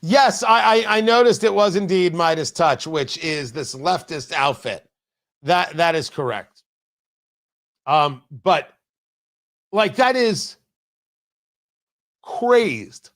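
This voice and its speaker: A man's voice: a little high, lively intonation, takes it slowly, pauses often, fairly bright tone. A man hosting a talk radio show, delivering an opinionated monologue with sarcastic, mocking asides from his studio.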